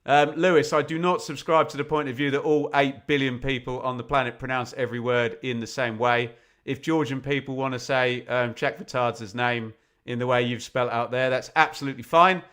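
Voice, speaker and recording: Chatty English football fan commentator. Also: male voice, medium pitch, a little fast. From England. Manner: chatty and opinionated, bursts of excitement at chances. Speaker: fan commentator on a live watch-along. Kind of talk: live football commentary mixed with casual chat.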